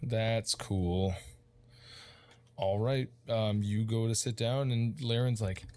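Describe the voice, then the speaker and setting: Low-voiced casual game master man. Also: fairly even intonation, slow pace, darkish tone. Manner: casual, rambling, many fillers. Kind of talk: narrating a tabletop game.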